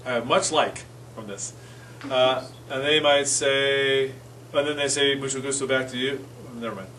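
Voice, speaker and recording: A man's voice: medium pitch, steady tone, moderate pace, a bit bright. Casual man teaching a class, distant mic. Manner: casual, self-correcting, repeats phrases for the class. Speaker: church Spanish class teacher. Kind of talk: informal classroom lesson. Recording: distant mic with faint room noise.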